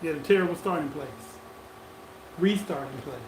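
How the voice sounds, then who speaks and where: A high-voiced man co-hosts a live podcast stream, calling out viewers' comments and hyping up the audience. His voice bounces around an echoey room with faint ambience. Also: normal speed, noisy background. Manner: hypes up listeners, reads out comments. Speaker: podcast co-host. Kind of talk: casual live-stream chat.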